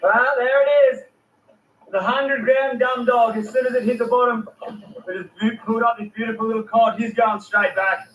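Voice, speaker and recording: Aussie guy filming a fishing vlog on a boat, loud and excited, slangy, mic a bit far off and echoey. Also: very high voice, moderate pace. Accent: Australian. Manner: enthusiastic, exclaiming, slangy. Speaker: fishing vlogger. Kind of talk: excited outdoor vlog commentary.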